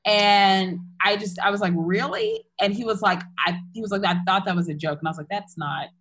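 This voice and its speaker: A woman's voice: medium pitch, fairly even intonation, a little fast, fairly bright tone, a little hiss or hum, low-quality recording. A young woman candidly retelling a personal story in casual chat, full of fillers and restarts.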